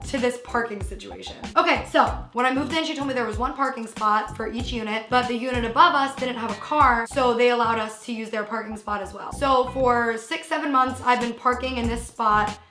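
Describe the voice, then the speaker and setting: Young woman, high voice, exasperated storytime venting, echoey room, faint music behind. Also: brisk, few pauses, pushed and bright. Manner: venting, exasperated, heavy use of "like". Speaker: vlogger telling a storytime. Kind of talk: casual storytime.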